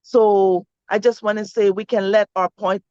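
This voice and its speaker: A woman from Jamaica with a Jamaican accent, co-hosting and reflecting calmly and earnestly. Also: mid-range voice, no room sound, muffled recording. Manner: calm, earnest, measured. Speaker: co-host. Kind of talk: reflective talk.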